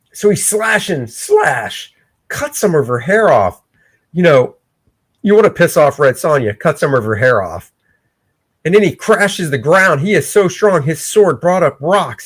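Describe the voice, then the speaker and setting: An excitable man talks through his comic pencils on a casual livestream, now and then bursting into shouts. His voice sits a little high and leaps widely up and down. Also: moderate pace, husky. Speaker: comic artist and show host. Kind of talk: casual livestream art commentary.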